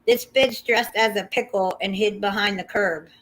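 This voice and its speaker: Gossipy, excitable woman on a livestream. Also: medium pitch, normal speed. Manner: gossipy, excitable, swears freely, addresses viewers. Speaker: livestream host. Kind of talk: casual chat.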